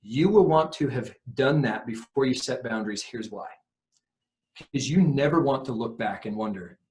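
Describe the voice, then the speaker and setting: A man's voice: mid-range voice, expressive, moderate pace, darkish tone. A man, a recovery coach guest on a podcast, explaining earnestly and emphatically, acting out quoted lines.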